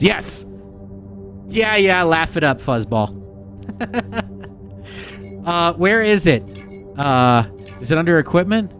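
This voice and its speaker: A man streaming live gameplay, chatting excitedly and casually swearing as he talks to his viewers. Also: on the high side, normal speed, pauses often, soft background music. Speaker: game streamer. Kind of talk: live gameplay commentary to chat.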